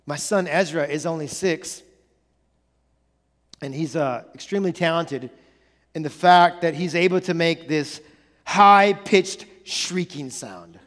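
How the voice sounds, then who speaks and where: A man in his thirties preaching a sermon as pastor, animated and conversational, full of rhetorical questions. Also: on the high side, unhurried, pauses often. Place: church sanctuary. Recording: church hall with long reverb.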